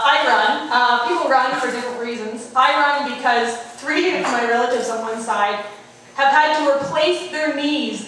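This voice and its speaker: A woman in her twenties from Prince Edward Island, Canada, doing a self-mocking, deadpan stand-up set on a small bar stage. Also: fairly high pitch, a little hiss or hum. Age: 20s. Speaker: stand-up comic. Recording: echoey bar room from far off.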